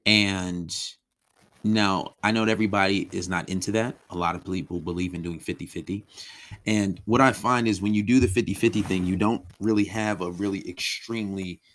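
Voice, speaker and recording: A man's voice: low-pitched, steady tone, normal speed, fairly bright tone. A man teaching a relationship course in a loose, conversational way, often acting out his clients' complaints. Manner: loose and conversational, many ums and restarts, acts out clients' complaints. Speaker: relationship coach. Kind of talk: casual spoken lesson.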